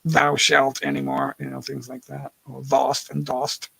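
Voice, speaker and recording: A man's voice: mid-range voice, sing-song, unhurried, creaky, bright, forceful tone, rough recording. A man hosting a casual livestream from home on his laptop. He rambles, corrects himself mid-sentence and laughs often. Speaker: livestream host. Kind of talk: casual live-stream chat. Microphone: laptop mic.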